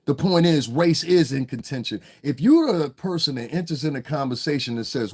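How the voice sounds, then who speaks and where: A man's voice: on the high side, lively intonation, a little fast, hardly any pauses, a little mellow, husky. A man giving confrontational livestream commentary, blunt and profane, who keeps asking the listener if they understand. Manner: blunt, profane, repeats his questions to the listener. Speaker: online streamer and rapper.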